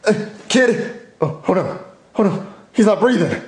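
A man's voice: high-pitched, lively intonation, measured pace. A man voicing a flustered, panicky father who stammers constantly, in a puppet comedy skit. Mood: nervous.

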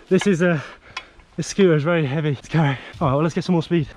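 A young man with a British accent, chatting excitedly as he vlogs at outdoor dirt jumps. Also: a little high, quick pace, muffled recording. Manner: excitable, chatty, exclaiming often. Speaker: vlogger. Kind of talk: casual vlog chat. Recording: outdoor noise, nearby traffic.

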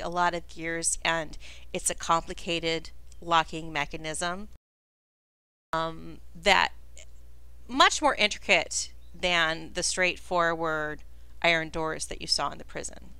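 A woman's voice: lowish voice, bright, forceful tone, clean tone, no echo. A woman narrating as game master of a tabletop game, describing scenes in a chatty way.

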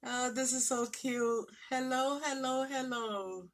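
A woman vlogger unboxes a craft parcel from a friend in a casual chat, gushing, exclaiming and addressing the friend directly. Her voice is high-pitched and slow, with a little hiss or hum in the background.

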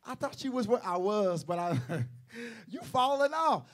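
A male pastor preaching a Sunday sermon, teasing the congregation, repeating lines and building from quiet asides to shouted runs. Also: very high voice, lively intonation, a little slow.

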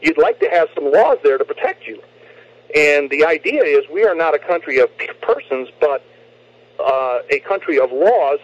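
A man with a fairly high voice argues politics on talk radio, pressing his points with emphasis. He stumbles and repeats words as he restarts. The sound is muffled and lo-fi, like an old radio broadcast. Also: lively intonation, normal speed, dry recording.

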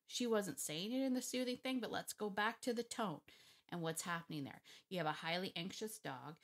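A woman's voice: mid-range voice, expressive, fairly quick, fairly bright tone. A woman dog trainer talking casually to camera, chatty and emphatic, often digressing.

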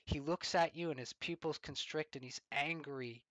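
A man giving a storytelling commentary, deliberate and fond of rhetorical questions. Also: fairly high pitch, steady tone, a bit bright, dry recording, rough recording.

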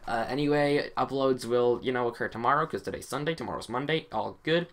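A man's voice: medium pitch, brisk, few pauses. Hesitant, rambling young-sounding guy. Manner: rambling, hesitant, self-conscious, many restarts. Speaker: gaming YouTuber. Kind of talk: casual monologue over gameplay.

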